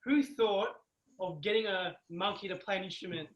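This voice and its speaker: Bright high-voiced young man interviewing, roomy. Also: normal speed. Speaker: interviewer, show host. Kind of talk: casual interview questions. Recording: roomy echo.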